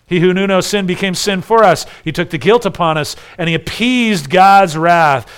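A man's voice: high-pitched, normal speed, fairly bright tone, clean tone. A man preaching a sermon, reading scripture aloud and rising to emphatic declarations.

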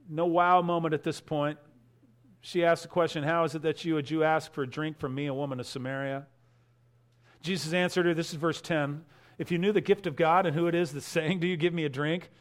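A man preaching an expository sermon in a voice pitched somewhat high for a man. He is animated, and he acts out the voices of the crowd and reads scripture with feeling. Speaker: pastor.

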